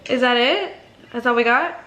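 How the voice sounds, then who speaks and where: A woman's voice: a little high, normal speed, bright, forceful tone, a little hiss or hum. A woman hosting a casual reaction vlog, talking bluntly with sarcastic asides. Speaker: YouTube reaction host. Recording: echoey room.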